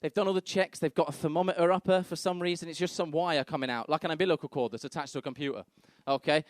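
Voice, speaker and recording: Young guy doing stand-up, crude and brash, kinda high voice, dry sound. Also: fairly even intonation, quick pace, no room sound. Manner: brash, crude storytelling, acts out other people's voices. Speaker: stand-up comedian. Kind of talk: stand-up comedy set. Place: comedy club stage.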